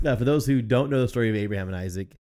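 A man's voice: mid-range voice, racing. A man in his thirties co-hosting a podcast in casual, joking chat, laughing often. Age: 30s. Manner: jokey, animated, laughs often. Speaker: podcast co-host.

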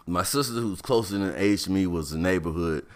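A man telling a childhood story in a casual, animated, slangy way, acting out the other people with high put-on voices. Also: a little fast.

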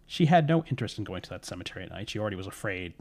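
A man's voice: low-pitched, big pitch swings, very fast, darkish tone. A man telling a spooky story in casual podcast chat, rambling with fillers and correcting himself.

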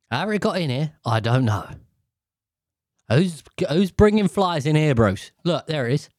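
A man's voice: medium pitch, darkish tone, no room sound, studio quality. A man hosting a podcast alone, rambling casually with lots of swearing, slang and jokes while he sits sweating in a hot little room. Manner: profane, joking, slangy. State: sweaty and overheated. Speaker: podcast host. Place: small hot room indoors.

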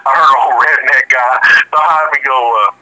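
A man in casual chat, animated and laughing, acting out voices as he tells stories. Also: medium pitch, a little fast, low-quality recording.

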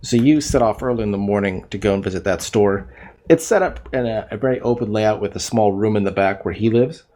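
A man's voice: lowish voice, brisk, dark tone. A man running a tabletop game as game master over an online voice call, narrating hesitantly with many ums.

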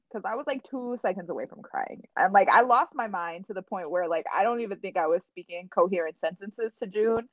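Animated young-sounding woman telling a story. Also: medium pitch, a little fast, hardly any pauses, no room sound, highs cut off. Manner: animated storytelling, lively laughs, swears. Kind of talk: casual chat.

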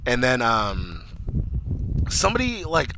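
A man in casual chat, excitedly retelling a TV episode, swearing and rambling. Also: medium pitch, slow, background noise.

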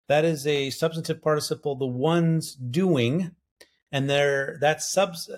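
A man walks through Greek grammar in a Bible study podcast. He thinks out loud, pauses on fillers and corrects himself mid-sentence. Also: fairly high pitch. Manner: lecturing, self-correcting, thinks aloud with fillers. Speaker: biblical scholar co-host. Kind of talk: academic bible study discussion.

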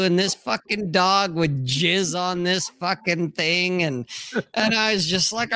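A middle-aged man with a bright, forceful voice tells crude, rambling stories in casual livestream chat. He swears freely and acts out the people he quotes. The sound is dry and close. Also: high voice, a little slow, no echo. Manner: crude, animated storytelling. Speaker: podcast host.

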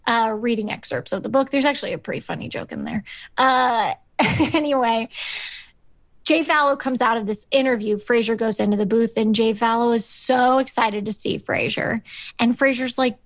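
A woman's voice: on the high side, moderate pace, dry recording. Chatty woman recapping an episode. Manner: rambling with many fillers, acts out characters' lines. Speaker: podcast co-host. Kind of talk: casual recap chat.

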